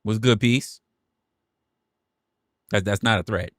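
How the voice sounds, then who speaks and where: A man's voice: on the low side, slow, a bit bright, no echo, clean studio sound. A young man from New City, ranting animatedly and jokingly on a livestream. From New York City. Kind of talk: casual livestream rant.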